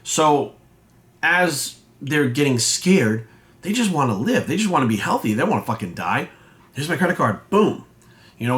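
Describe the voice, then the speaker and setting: Blunt, swearing fitness coach. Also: male voice, mid-range voice, fairly bright tone. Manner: blunt, swears constantly, acts out quoted voices. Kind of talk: casual rant to camera.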